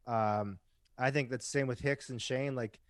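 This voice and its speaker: A man's voice: medium pitch, fairly even intonation, normal speed, no echo, clean studio sound. A man guesting on a podcast, telling stories in a casual, chatty way, often tagging lines with "right?" and swearing now and then. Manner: chatty storyteller who keeps asking "right?". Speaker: podcast guest, rock musician. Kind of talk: casual chat.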